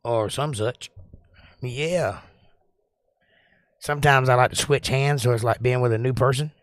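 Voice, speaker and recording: A man's voice: medium pitch, unhurried, dry recording. Southern man chatting on a livestream. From Georgia, US. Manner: rambling, joking, drawling. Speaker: livestream host. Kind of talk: casual live-stream chat reading comments.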